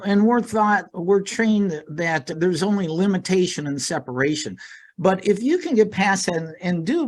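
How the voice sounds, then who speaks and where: A middle-aged man guesting on a podcast, talking earnestly with many fillers and repeated words. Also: high-pitched. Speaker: podcast guest, life coach. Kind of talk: casual interview talk.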